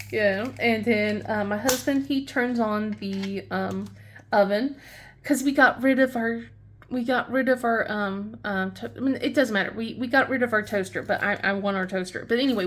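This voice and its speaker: A woman chatting casually as a craft channel host, rambling and laughing often. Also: a little high. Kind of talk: casual chat while crafting.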